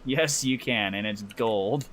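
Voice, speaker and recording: A man's voice: lowish voice, slow pace, fairly bright tone, slight background noise. A man co-hosting a podcast in loose casual chat, swearing freely and laughing often while he draws. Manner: talks while drawing. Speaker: podcast co-host.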